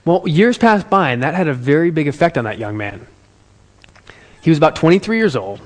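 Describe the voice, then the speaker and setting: Animated storytelling man. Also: a little high, brisk. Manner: animated, conversational, talks to the audience. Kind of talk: storytelling talk.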